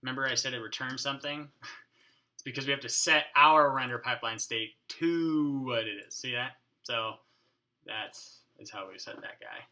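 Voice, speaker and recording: A man's voice: medium pitch, normal speed, sharp tone. A man hosting a casual coding tutorial at his home desk, thinking aloud, muttering to his code and joking with mild swearing. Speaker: programming tutorial host. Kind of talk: casual screencast coding walkthrough.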